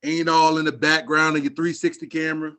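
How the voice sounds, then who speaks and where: Animated man ranting casually about sports. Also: on the high side, a little fast. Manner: animated rant, slangy and joking. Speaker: podcast co-host.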